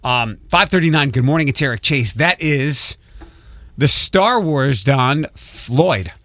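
A man's voice: mid-range voice, animated, slow pace, a bit bright, no room sound. A man hosting a casual morning radio show, running through the lineup with frequent restarts and asides. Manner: rambling, self-interrupting, reads show rundown. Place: radio studio. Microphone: studio microphone.

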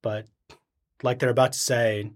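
A man chimes in as a podcast co-host, casual and offhand, swearing lightly. His voice sits in an ordinary middle pitch. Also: flat delivery, normal speed. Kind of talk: casual chat.

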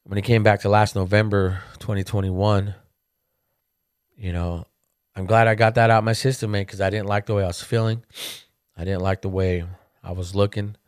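A man's voice: on the low side, normal speed, long pauses, clear, resonant tone, no room sound, clean studio sound. A man hosting a podcast, talking candidly and casually as he tells family stories, often adding "man". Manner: candid storyteller who keeps saying "man"; animated when retelling funny family stories. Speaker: podcast host. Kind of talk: casual monologue.

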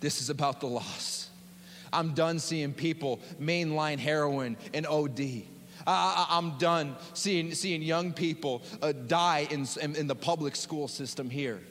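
A man's voice: on the high side, measured pace, fairly bright tone, slight background noise. A man preaching a sermon as pastor, in an impassioned, dramatic way with repeated phrases. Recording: long hall reverb.

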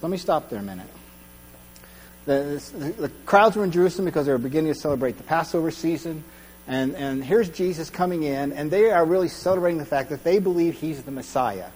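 A man with a high, bright voice preaches in a relaxed, conversational way, often stopping to check that his listeners follow him. He acts out the voices of the crowd as he goes. The sound carries a long hall reverb over a low mains hum. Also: husky. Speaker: pastor. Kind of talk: sermon.

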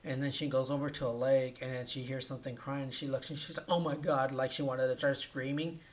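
A man co-hosting a casual podcast, retelling a film plot in an animated way, acting out the characters' lines and often asking "right?". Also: mid-range voice, fairly quick. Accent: Californian. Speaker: podcast co-host. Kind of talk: casual movie recap chat.

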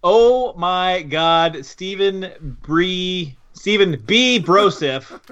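A man's voice: sits high, expressive, very slow, a bit bright, muffled recording. A man co-hosting a podcast, playful and teasing, with mock-grand greetings. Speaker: podcast co-host. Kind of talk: casual podcast banter.

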